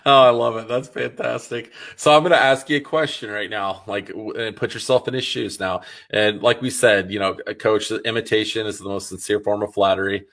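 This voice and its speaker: A man hosting a podcast interview, chatting casually and enthusiastically at a quick clip. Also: fairly low pitch, fairly even intonation, fairly bright tone. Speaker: podcast host. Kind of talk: casual chat.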